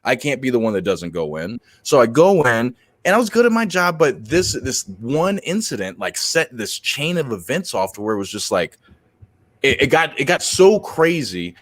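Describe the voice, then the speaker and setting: A man, a comedian and podcast host, telling animated stories in casual chat, swearing and laughing often. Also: a little high, moderate pace, no echo.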